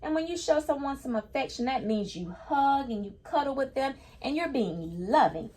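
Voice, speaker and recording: A woman's voice: high voice, expressive, normal speed, warm tone. A woman reading a picture book aloud to children, patiently stopping to explain each new word in simple terms. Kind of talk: children's read-aloud lesson.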